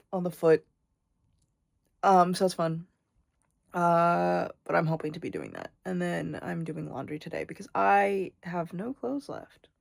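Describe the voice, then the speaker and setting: A young woman talks to her camera at home in a loose, rambling way, often poking fun at herself. Her voice sits a little low for a woman. The sound is close and dry. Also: vocal fry, no room sound. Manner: chatty, rambling, self-deprecating. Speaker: vlogger. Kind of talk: casual vlog chat.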